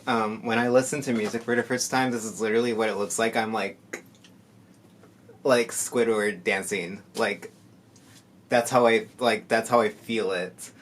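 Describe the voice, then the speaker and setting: A soft-spoken man in casual reaction commentary, rambling with many fillers and sounding tired. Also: lowish voice, steady tone, normal speed, a little hiss or hum. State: tired from lack of sleep. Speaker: musician reacting to music. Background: faint music playing.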